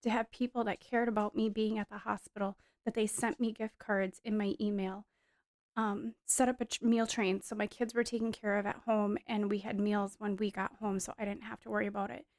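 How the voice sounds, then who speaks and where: A woman's voice: medium pitch, flat delivery, brisk, no echo, studio quality. A woman in her thirties giving an earnest, emotional personal testimony in a casual storytelling way, with frequent fillers. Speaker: wife sharing a testimony.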